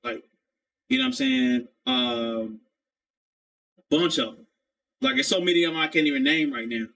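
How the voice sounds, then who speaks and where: Man, live streamer, rambling rant, swears a lot, fairly high-pitched. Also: very animated, normal speed, fairly bright tone. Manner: rambling, profane, keeps saying "you know what I'm saying".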